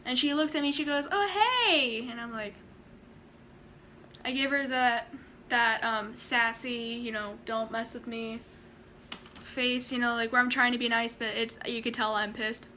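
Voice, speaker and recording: A young woman telling a story in a casual vlog, chatty and animated, acting out quotes and laughing often. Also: on the high side, normal speed, a little hiss or hum. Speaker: vlogger.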